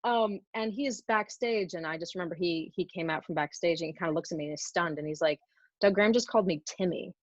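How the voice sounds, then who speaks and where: A woman's voice: fairly low pitch, steady tone, fast, hardly any pauses, no room sound. Woman, casual chatty storytelling, lots of fillers, dry dull recording. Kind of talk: casual chat.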